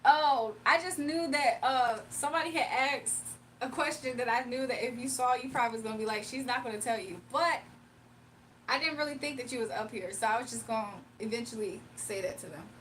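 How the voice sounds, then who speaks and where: A woman hosts a laid-back livestream, talking straight to her viewers. Her voice sits high and she laughs easily as she reads their messages out loud. She is a little off-mic, with a faint hum of the room behind her. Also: fairly quick. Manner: chatty, laughs often, reads chat aloud. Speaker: livestream host doing readings. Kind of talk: casual livestream chat with viewers. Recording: a bit distant from the mic, faint room noise.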